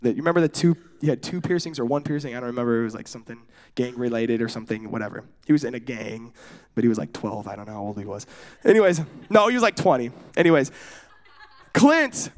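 A man's voice: mid-range voice, animated, quick pace. A young adult man from California preaching a casual sermon, joking and telling stories, asking the audience questions and going off on tangents. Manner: joking, storytelling, audience asides. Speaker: pastor.

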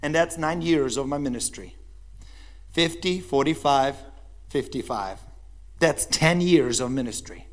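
A man's voice: a little high, a little slow. A man, the pastor, preaching a sermon, telling a story with energy and putting questions to his congregation.

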